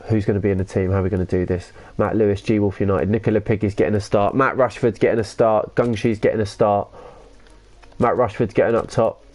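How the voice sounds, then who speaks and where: A man chatting casually on a live gaming stream, reading out viewer comments with excitable, slangy banter and the occasional swear word. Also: lowish voice.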